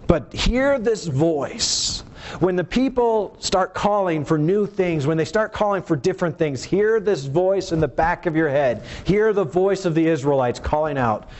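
A man with a darkish tone preaches a sermon at normal speed with hardly any pauses, his delivery animated. Earnest and emphatic, he lets his pitch rise and fall for emphasis.

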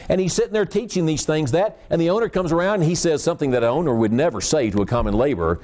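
A man's voice: on the high side, lively intonation, very fast, few pauses, a little mellow. A man preaching a sermon, telling the story in a folksy way with frequent restarts and repeated words.

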